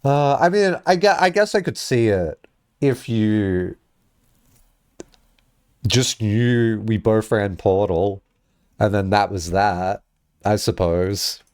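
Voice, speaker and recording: A man chatting casually on a live stream, rambling and laughing often, jumping up high when excited, on a headset mic. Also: slow, long pauses, smooth, no room sound, studio quality.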